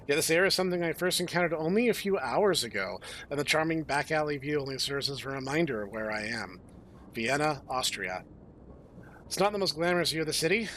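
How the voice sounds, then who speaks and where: A man's voice: a little high, fairly bright tone, a little hiss or hum. A man hosting a let's play, reading game text aloud with playful, jokey asides. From United States. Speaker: host.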